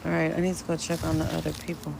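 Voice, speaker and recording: A woman who runs a dog rescue, chatting casually on a live stream in her backyard, switching between high baby talk to the dogs and a relaxed tone for viewers. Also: rapid-fire, creaky, noisy background. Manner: drops to a low, relaxed tone when explaining to viewers. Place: outdoor backyard. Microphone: phone.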